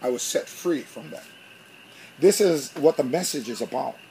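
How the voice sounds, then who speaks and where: A pastor preaching a sermon, telling a story with animation and acting out both sides of an argument. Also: male voice, medium pitch, expressive, moderate pace, mellow, a little hiss or hum.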